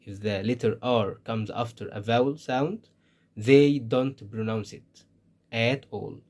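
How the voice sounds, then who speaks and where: A man's voice: mid-range voice, steady tone, darkish tone. A man with an Egyptian Arabic accent, a native Arabic speaker, teaching an English lesson and saying single words with care to show how they sound. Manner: slow, deliberate, stresses single words to model pronunciation. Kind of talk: slow spoken language lesson.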